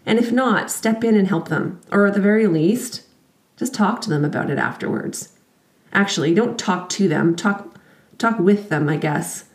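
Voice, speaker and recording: A woman's voice: mid-range voice, moderate pace, echoey room. A woman hosting a podcast, telling a personal story as a mother in a candid, self-deprecating, chatty way.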